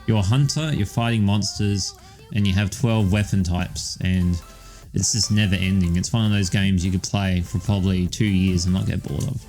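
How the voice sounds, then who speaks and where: Soft background music runs under this low-pitched, darkish voice, which keeps a fairly even intonation at a moderate pace. He's a young podcast co-host chatting casually, meandering and profane, with plenty of ums and "all right"s.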